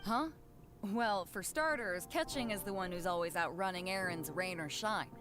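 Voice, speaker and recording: A woman's voice: fairly low pitch, moderate pace, close to an everyday voice. A woman playing a brash, easygoing female sea captain who talks bluntly and teases. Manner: blunt, teasing, colloquial. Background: game music.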